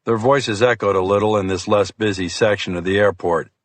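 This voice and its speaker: A man narrating a crime thriller audiobook in the first person, with a steady, measured delivery. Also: on the low side, no echo.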